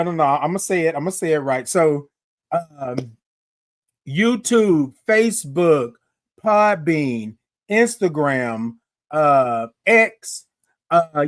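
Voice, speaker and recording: A man hosting a live-streamed morning show, chatty and lively, calling out greetings to his viewers. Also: fairly high pitch, no echo, clean studio sound. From Houston, Texas. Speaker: host.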